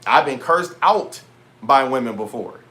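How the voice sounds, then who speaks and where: This young male vlogger has a mid-range voice and talks a little slowly as he tells his story to the camera. He stays animated throughout, using casual slang and curse words, and plays out conversations by doing the voices of both sides.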